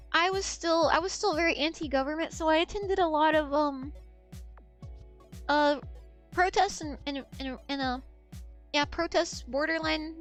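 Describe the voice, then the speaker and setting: A woman's voice: very high-pitched, fairly bright tone. A woman in her twenties chatting casually as a streamer, rambling, losing her thread and swearing freely. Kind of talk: casual chat.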